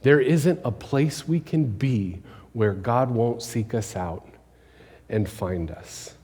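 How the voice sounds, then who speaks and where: A man preaching a conversational sermon, asking the congregation questions and dropping his voice low for emphasis. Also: slow pace, mellow, slightly rough. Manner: conversational preaching, rhetorical questions, drops to near-whisper for emphasis. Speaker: pastor. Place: church sanctuary. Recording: long hall reverb.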